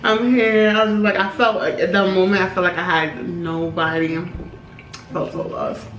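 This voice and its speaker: A young woman, telling a story in animated, slangy style while eating, often laughing. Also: fairly low pitch, moderate pace, distant mic. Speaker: vlogger, co-host. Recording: roomy, off-mic, faint background hum.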